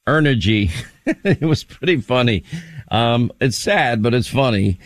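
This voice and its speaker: A man's voice: medium pitch, no room sound. A man hosting a talk radio show, mocking a speech and laughing at his own remarks as he takes calls. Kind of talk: casual political talk radio.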